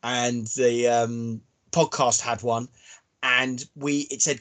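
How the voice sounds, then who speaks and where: A man's voice: mid-range voice, fairly even intonation, slow pace, fairly bright tone. A man from the United Kingdom co-hosting a podcast, casually bantering and reading out listener messages, with the odd swear. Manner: banter, swears freely, reads comments aloud. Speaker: podcast co-host.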